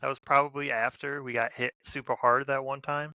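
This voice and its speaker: A man's voice: mid-range voice, level tone, a little fast, pushed and bright, no room sound, dull audio. A man in a casual podcast chat, blunt and emphatic about combat.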